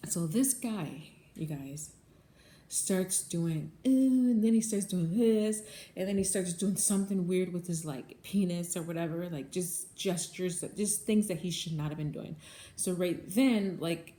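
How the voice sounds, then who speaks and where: A woman's voice: lowish voice, unhurried, dark tone. A woman who manages a bagel shop, telling a story to her viewers in a casual vlog, earnest and repetitive, often calling them guys. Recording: echoey room, faint background noise.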